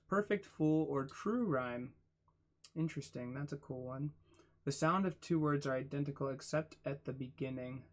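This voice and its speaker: A man reading a book aloud for his channel, spelling out words letter by letter and adding quiet asides. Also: medium pitch, normal speed. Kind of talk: casual read-aloud.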